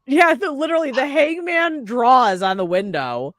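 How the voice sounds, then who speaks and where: A young woman hosts a casual horror review, retelling the plot with profanity and animated quoted voices. Her voice sits close and dry, with no room sound. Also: high voice, moderate pace, no echo. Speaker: horror movie review host. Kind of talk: casual movie recap chat.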